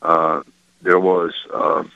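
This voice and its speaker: A man calling a radio show with a Bible question, speaking haltingly with many pauses. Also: low voice, little pitch movement, gravelly, no room sound. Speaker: caller. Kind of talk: phone call to a radio show. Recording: muffled phone line.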